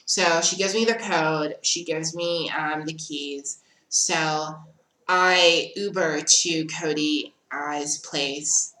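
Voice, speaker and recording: A woman vlogger tells a personal story with a low voice and a sharp, bright edge. She recounts it animatedly and acts out other people's lines. The room has a noticeable echo. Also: slow. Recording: roomy, echoey room.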